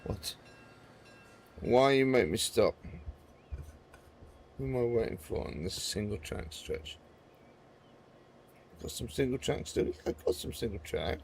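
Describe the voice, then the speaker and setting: A man's voice: medium pitch, expressive, a little slow, vocal fry, long pauses, a little mellow, slight background noise. A man hosting a gaming video, giving casual, rambling commentary and chatting to viewers as he plays.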